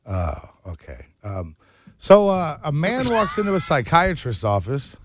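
A man hosting a morning radio show, setting up corny jokes and landing punchlines flat in the studio. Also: on the high side, a little slow, a little hiss or hum. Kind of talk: joke-telling morning radio banter. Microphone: studio microphone.

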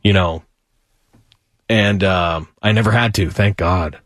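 Low-voiced joking male radio co-host. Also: slow pace, fairly bright tone, no room sound, clean studio sound. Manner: laughing, joking storyteller. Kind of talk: casual banter.

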